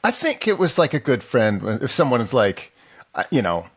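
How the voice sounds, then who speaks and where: A man co-hosting a comedy podcast, mocking a TV show in a sardonic, mock-solemn deadpan. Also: medium pitch, normal speed, slightly rough. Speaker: podcast co-host. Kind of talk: comedic episode recap.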